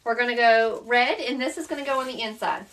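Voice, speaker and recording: A woman's voice: on the high side, a little fast, fairly bright tone, distant mic. A woman with a Southern accent, hosting a live-stream craft tutorial, chatting through the steps and answering viewers by name as she works.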